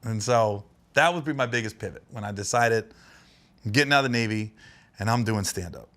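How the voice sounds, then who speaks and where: A man from Ohio guesting on a podcast, telling comic stories with a bright, pushing tone. He talks in a lively, animated way and laughs through his anecdotes in casual chat. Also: on the low side, a little fast. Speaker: comedian guest.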